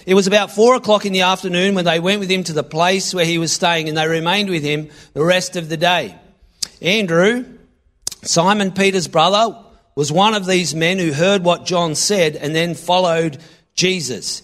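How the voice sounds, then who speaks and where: A man preaching a sermon, reading scripture aloud and acting out lines with sudden loud bursts. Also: high voice, normal speed. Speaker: pastor.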